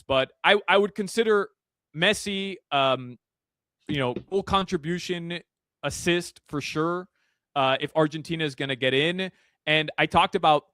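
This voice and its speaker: A man as a guest analyst in a casual sports radio chat, animated and full of fillers and restarts. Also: a little high, no echo. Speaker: soccer betting analyst guest. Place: Miami.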